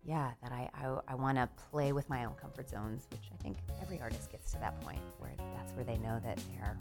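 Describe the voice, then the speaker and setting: Loud music plays behind an extremely low-pitched woman talking a little fast. She's a Southern playwright in a casual interview chat, animated and laughing, frequently restarting what she's saying.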